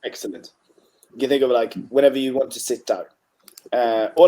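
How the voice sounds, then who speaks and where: A man with a mellow, dark voice at a middle pitch, tutoring a student one on one. He talks in a relaxed, encouraging way, often clearing his throat and filling pauses with ums. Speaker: Chinese tutor. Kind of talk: online tutoring session.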